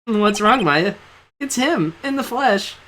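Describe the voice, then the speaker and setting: A man's voice: high-pitched, animated, slow, background noise, pitched above the performer's own voice. A man voicing a spirited, teasing young female sidekick in a fan dub of a video game. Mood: excited. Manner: pushy, teasing. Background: game music.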